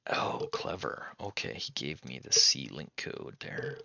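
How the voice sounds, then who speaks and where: A man hosting a retro game let's play, chatting casually and reading the on-screen text aloud as he thinks out loud. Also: a bass voice, animated, a little slow, gravelly, dull audio, a little hiss or hum. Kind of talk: casual gameplay commentary.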